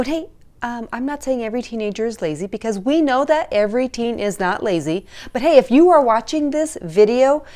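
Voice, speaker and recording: A woman with a slightly high voice talks straight to parents in a casual, chatty way. She keeps checking in with "okay?" and "all right?" while she offers coaching advice. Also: warm tone. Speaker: teen relationship coach. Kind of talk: casual advice talk to camera.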